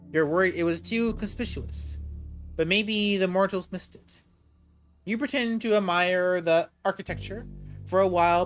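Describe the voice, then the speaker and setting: A man's voice: high voice, a bit bright. A man streaming a game, reading its story aloud steadily with small stumbles. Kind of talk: reading a visual novel aloud.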